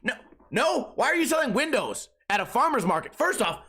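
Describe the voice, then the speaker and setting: Exasperated high-voiced podcast host ranting. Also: male voice, very animated, brisk, gravelly, bright, forceful tone, breathy edge. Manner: profane, exasperated storytelling. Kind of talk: casual comedic rant.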